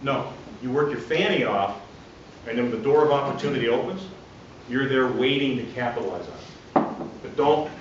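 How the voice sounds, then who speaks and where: A man coaching a group of referees, speaking in short, punchy phrases and often ending with "okay?". He acts out calls and shouts in a louder voice. The sound is distant and dull, with heavy echo from a big hall. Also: mid-range voice, a little hiss or hum. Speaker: guest speaker at referee training. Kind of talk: coaching talk to an audience. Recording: echoey hall, distant lo-fi mic.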